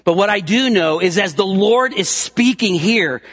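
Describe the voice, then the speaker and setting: A man's voice: high voice, lively intonation, measured pace, fairly bright tone. A man preaching a sermon, with emphatic rises and drops in his delivery. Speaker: pastor.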